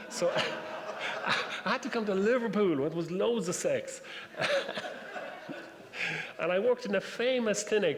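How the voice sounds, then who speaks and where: Irish man in his sixties telling anecdotes. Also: a little high. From Ireland. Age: 60s. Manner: anecdotal, self-deprecating storytelling. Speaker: guest speaker. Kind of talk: humorous talk to an audience. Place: lecture room with audience. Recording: distant reverberant hall, faint noise.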